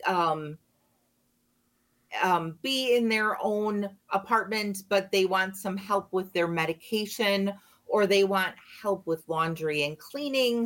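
A woman, a radio guest explaining care options in a measured way with frequent ums. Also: medium pitch. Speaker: manager of a disability and aging resource center. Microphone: studio microphone.

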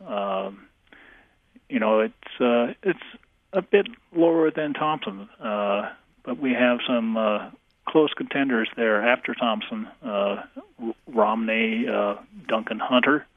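A man who is an English professor, answering questions on a radio call-in show, halting with many fillers. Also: mid-range voice, dry recording. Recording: tinny phone line.

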